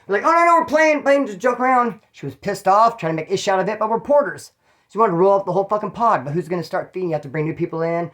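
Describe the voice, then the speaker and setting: Fast-talking, profane California man telling stories. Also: high-pitched, fairly bright tone. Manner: rambling, profane, street slang. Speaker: channel host telling prison stories. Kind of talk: casual storytelling.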